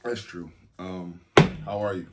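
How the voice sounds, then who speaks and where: Deep-voiced man, laid-back podcast host. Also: steady tone, unhurried, heavy background noise. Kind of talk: casual chat.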